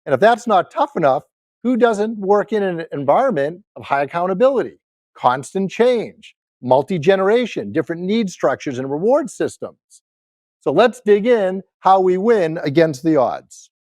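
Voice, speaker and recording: Keynote sales speaker, man, fifties, fairly high voice, punchy crowd-rallying delivery, dry sound. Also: very animated, normal speed, darkish tone, no room sound. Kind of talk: motivational keynote to a live audience.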